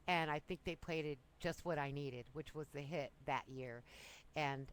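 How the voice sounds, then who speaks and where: A woman's voice: sits low, moderate pace, poor audio. A woman casually telling breezy, self-amused stories from her younger years. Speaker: storyteller. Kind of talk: casual personal storytelling.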